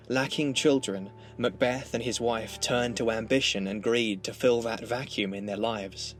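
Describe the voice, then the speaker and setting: A man narrating a scripted literature lesson in a measured, explanatory way. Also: on the low side, soft background music. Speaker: literature lecturer.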